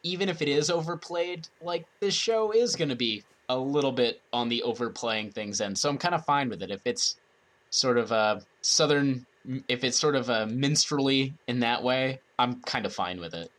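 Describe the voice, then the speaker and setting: A man's voice: medium pitch, normal speed, a bit bright. A man co-hosting a casual chat who restarts his sentences often and laughs easily. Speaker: podcast co-host.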